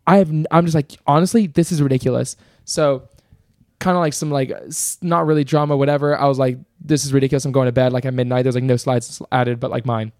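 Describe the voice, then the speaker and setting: A man's voice: mid-range voice, fast talker, dry recording, clean studio sound. A young man co-hosting a podcast, telling a long story in casual chat with lots of fillers and restarts. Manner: rambling, animated storyteller full of fillers. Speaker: podcast co-host.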